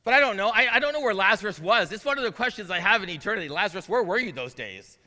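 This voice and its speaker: Guy preaching in a church, kinda high voice, long echoey reverb. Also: animated, fast, sharp tone. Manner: earnest, conversational asides building to emphatic proclamation. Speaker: interim pastor. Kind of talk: sermon with scripture reading. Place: church sanctuary.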